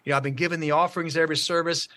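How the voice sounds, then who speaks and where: A man telling a church testimony story on a call, halting, with many fillers and restarts. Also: a little high, fairly even intonation, pushed and bright. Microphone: call audio.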